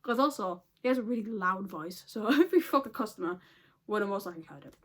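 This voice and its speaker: A woman's voice: medium pitch, expressive, fast, fairly bright tone. A woman telling a storytime vlog in a casual, blunt way, swearing a lot and laughing often. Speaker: vlogger.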